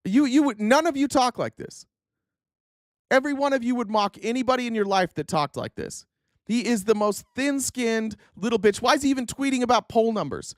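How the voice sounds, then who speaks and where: A man's voice: on the high side, dry recording, clean studio sound. A man hosting a political commentary livestream, ranting with exasperation and profanity as he reads out quotes and mocks them.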